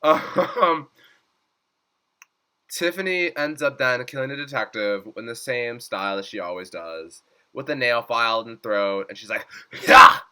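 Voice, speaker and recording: A man's voice: mid-range voice, unhurried, pushed and bright, clean tone. A young man giving a casual episode recap, chatty, leaning on "like" and acting out lines in swooping voices. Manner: chatty, says "like" constantly, acts out quotes in swooping voices. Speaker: reaction vlogger.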